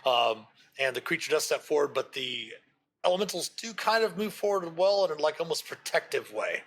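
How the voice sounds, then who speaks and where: A man's voice: on the high side, expressive, brisk, a bit bright, a little hiss or hum. A man narrating as game master in a loose style full of fillers.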